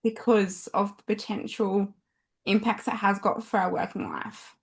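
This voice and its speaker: A woman's voice: mid-range voice, steady tone, measured pace, gravelly. Earnest woman in conversation. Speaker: podcast co-host. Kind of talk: casual group chat.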